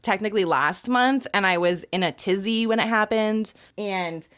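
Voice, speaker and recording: A young woman co-hosting a podcast in loose, casual chat. She laughs a lot, swears freely and keeps a playful tone. Her pitch sits in the middle. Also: moderate pace, a bit bright, clear, resonant tone. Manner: laughs often, profane and playful. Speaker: podcast co-host.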